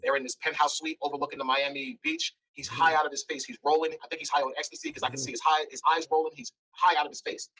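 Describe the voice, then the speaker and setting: A man's voice: fairly high pitch, quick pace, few pauses, a little hiss or hum, rough recording. A man speaking as an interview guest, telling a blunt, candid story and acting out the dialogue. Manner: blunt, animated, acts out dialogue.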